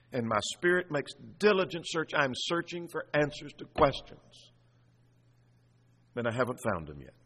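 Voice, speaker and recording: A man's voice: high-pitched, fairly bright tone, breathy edge. A man preaching an expository sermon, earnestly piling up rhetorical questions. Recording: long reverb of a large hall.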